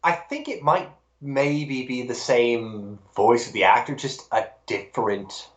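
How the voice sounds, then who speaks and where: A podcast co-host in casual chat, animated and wry, with sarcastic asides. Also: mid-range voice, unhurried. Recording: roomy, dull lo-fi podcast audio.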